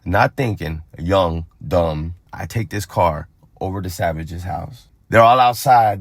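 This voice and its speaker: A man's voice: low voice, measured pace, no room sound. A young adult man from Phoenix tells a street story in a casual, profane way and acts out other people's lines. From Phoenix, Arizona. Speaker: storyteller on a vlog channel.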